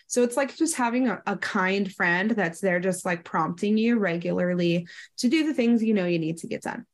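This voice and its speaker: A woman's voice: medium pitch, moderate pace. A woman in her thirties in a casual educational chat, explaining ideas and briefly acting out quoted voices.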